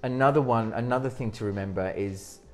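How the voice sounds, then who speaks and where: A man's voice: medium pitch, brisk, soft background music. A man giving presentation advice in an interview as a speaking coach. He talks energetically, often restarting his sentences, and demonstrates techniques as he goes.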